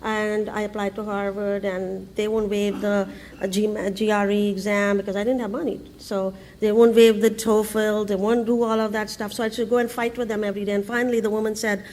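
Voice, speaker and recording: A woman, telling a humorous story on a conference stage in a lively way, with laughs, restarts and fillers. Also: mid-range voice, fairly quick. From India. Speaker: entrepreneur giving a conference talk. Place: conference stage before an audience.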